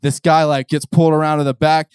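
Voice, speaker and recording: A man preaching a sermon and telling personal stories, swinging between hushed intensity and loud exclamation. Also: on the high side, level tone, fast, clear, resonant tone, no echo.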